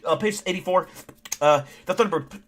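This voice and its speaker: A man's voice: high-pitched, a bit bright, voice pushed up. A man voicing a nervous, nerdy male scientist who stammers through a file full of uhs. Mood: flustered. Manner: stammering, halting with many uhs.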